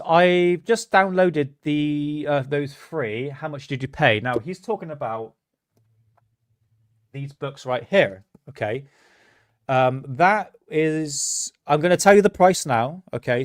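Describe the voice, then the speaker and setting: A man's voice: fairly high pitch, takes it slowly, dry recording, studio quality. A man hosting a live stream, chatting casually with frequent restarts and laughs.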